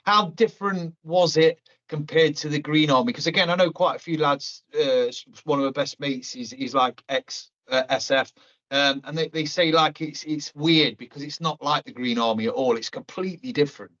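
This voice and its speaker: Male podcast host, hesitant and halting in his questions, slightly high voice, lo-fi sound. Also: a bit bright. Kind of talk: interview questions.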